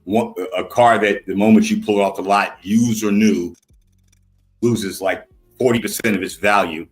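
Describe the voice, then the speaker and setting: A man's voice: on the low side, steady tone, normal speed, faint music behind, poor audio. An older man on a podcast panel, blunt and lecturing, arguing heatedly and talking over others.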